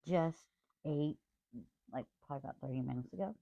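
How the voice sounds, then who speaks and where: A woman's voice: low voice, a little fast, gravelly, no room sound. A woman craft vlogger rambling in a casual, apologetic chat about her week. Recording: tinny phone-like dry sound.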